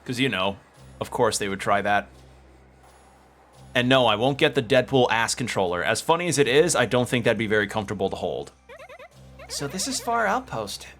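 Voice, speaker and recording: Rambling guy streaming a game, lively up-and-down voice, faint game music behind. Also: lowish voice, fairly quick. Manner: chatty, rambling, swears casually. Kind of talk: casual gameplay commentary.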